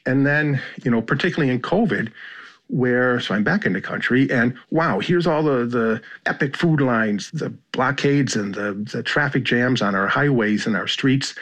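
Husky-voiced American man recalling reporting. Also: medium pitch, fairly bright tone. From United States. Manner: measured, halting, with fillers and repeats. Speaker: journalist guest. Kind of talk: reflective interview storytelling.

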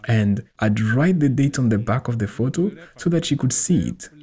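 Husky man reading a translated voice-over. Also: mid-range voice, animated, moderate pace, mellow. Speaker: voice-over interpreter.

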